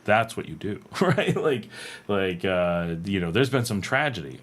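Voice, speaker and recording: A man's voice: on the low side, measured pace, slight background noise. An American man hosting a livestream, chatting casually and reading viewer comments with fillers and frequent laughs. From North America. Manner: rambling, animated, laughs often, many fillers. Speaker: livestream host. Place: home in Nicaragua.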